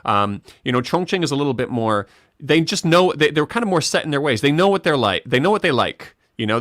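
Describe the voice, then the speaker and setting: A Canadian man co-hosting a live stream in casual chat, chatty and quick to laugh. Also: mid-range voice, animated, a bit bright, no echo, clean studio sound. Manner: chatty, restarts often, laughs easily.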